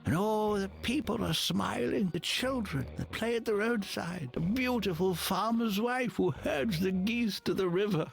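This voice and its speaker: Creaky, rambling old grandpa. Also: male voice, high-pitched. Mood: nostalgic. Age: older. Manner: rambling, chuckling, halting storyteller.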